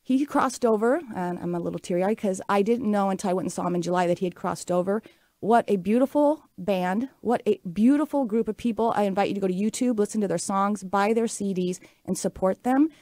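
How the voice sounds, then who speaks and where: This Pacific Northwest woman in her late forties hosts a radio talk show, recounting a personal story in an upbeat, earnest, chatty casual monologue. Her medium-pitched voice is warm and a little fast, and the studio recording has no room sound.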